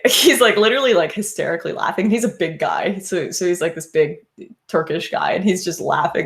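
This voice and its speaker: A young woman tells a story of her own in a relaxed, conversational way. Her voice sits a little low, and she is animated, breaking into laughter as she goes. It sounds like unscripted talk rather than a read text. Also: a little fast, gravelly. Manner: animated, laughs often while telling the story. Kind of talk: casual first-person storytelling.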